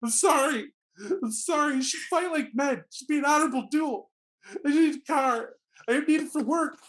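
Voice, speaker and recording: A blubbering, panicked young man pleads in a high, whiny voice that jumps far above his usual register, as a man puts him on. He begs and apologizes, tearful and frantic. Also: normal speed, a bit bright. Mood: pleading, sobbing.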